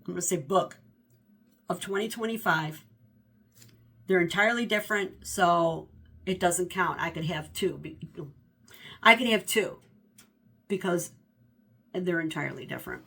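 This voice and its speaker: A woman in her fifties chatting casually about her favorite books, rambling and animated, correcting herself as she goes. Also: on the low side, normal speed, gravelly, long pauses, husky. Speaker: book vlogger. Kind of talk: casual book review chat.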